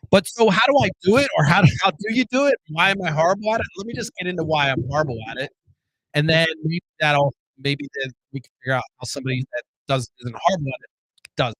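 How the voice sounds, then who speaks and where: A man talks alone as host of his own show, blunt and full of curses, circling back and restarting his thoughts. His voice sits a little high for a man. The sound is dry and close, with no room echo. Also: animated, fast talker, fairly bright tone. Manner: blunt, profane, rambling with restarts. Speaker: podcast host. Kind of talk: solo casual monologue.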